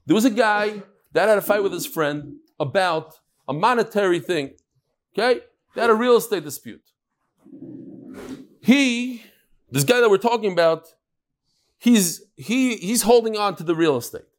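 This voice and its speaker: A man's voice: high-pitched, expressive, normal speed, pauses often. Man teaching a casual Talmud class. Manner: casual, peppered with Hebrew and Yiddish terms; tells jokes and anecdotes.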